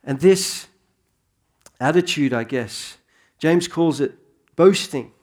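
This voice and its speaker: A man in his thirties preaching a sermon in a relaxed, conversational way that rises into earnest emphasis. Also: on the high side, slow. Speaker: pastor.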